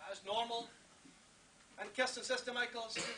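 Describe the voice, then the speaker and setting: A man's voice: extremely high pitch, fairly even intonation, normal speed, pushed and bright. A Scottish man telling jokes in a speech at a function and chuckling at his own punchlines. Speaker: speaker at a function. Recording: echoey hall picked up from far off, noisy.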